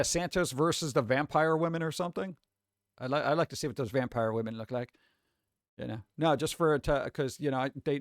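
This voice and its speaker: A man's voice: on the high side, dry recording. Rambling sarcastic man, dry close sound. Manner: rambling, sarcastic asides, frequent fillers and restarts. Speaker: host. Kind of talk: casual commentary reading news aloud.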